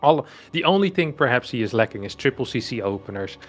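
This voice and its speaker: A man casting a live esports match, chatty and swelling into excited play-by-play. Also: medium pitch, fast, soft background music. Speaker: esports caster.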